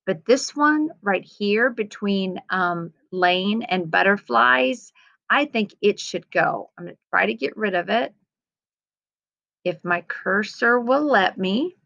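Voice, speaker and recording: A woman teacher gently talking young students through editing her writing, reading aloud patiently. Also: mid-range voice, expressive, takes it slowly, vocal fry, no echo. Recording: slightly dull lo-fi sound.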